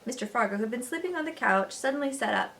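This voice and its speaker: A woman teacher reads a children's novel aloud, telling it expressively. Her voice is bright and clear, with a lively, rising and falling pitch. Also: fast. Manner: expressive storytelling.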